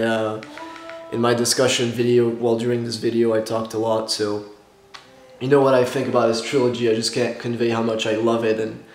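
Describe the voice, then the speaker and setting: A man talking to his viewers in a casual reaction vlog, gushing and excitable, with nervous laughs and restarts, tired after staying up all night. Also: medium pitch. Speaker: YouTuber reacting to a film marathon. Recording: roomy echo with soft music behind.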